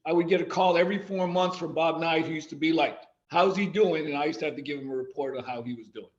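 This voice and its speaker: A man's voice: on the high side, fast talker, dull audio. Man telling stories in an echoey room. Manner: animated anecdotes, quoting others. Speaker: guest, athletic director and former coach. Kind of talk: storytelling in a casual podcast interview.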